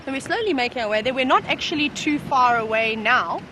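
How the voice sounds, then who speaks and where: Female safari presenter, high and bright, bubbly and excited, faint engine noise outdoors. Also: fairly quick. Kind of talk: live safari commentary from a moving vehicle. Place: open safari vehicle outdoors.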